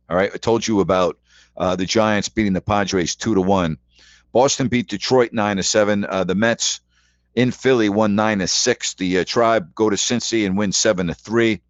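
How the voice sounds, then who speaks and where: A man's voice: on the low side, no room sound, highs cut off. A man hosting a sports radio call-in show, rambling chattily through scores and rhetorical questions. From New York.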